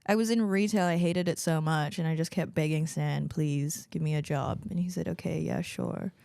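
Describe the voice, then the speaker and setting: A young woman, speaking a little low for a woman. She jokes and trades sarcastic remarks with her co-host. The sound is dry and close. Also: fairly even intonation, brisk, creaky, darkish tone, no room sound. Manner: sarcastic, jokey, laughs often. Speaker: podcast co-host. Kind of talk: casual chat.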